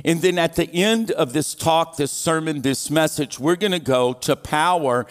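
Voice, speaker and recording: Pastor preaching in a reverberant hall. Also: male voice, on the high side, normal speed, hardly any pauses. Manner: leads the congregation in call-and-response reading, with playful jokes. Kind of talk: sermon. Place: large church hall. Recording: long church hall reverb.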